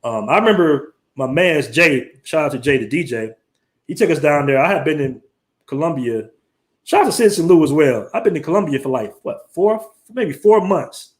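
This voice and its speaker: A man hosts a casual live stream, talking in an easy, slangy way. His voice sits a little high for a man, and he keeps his patter loose and unhurried. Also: expressive. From United States. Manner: laid-back, slangy, reads out viewer comments.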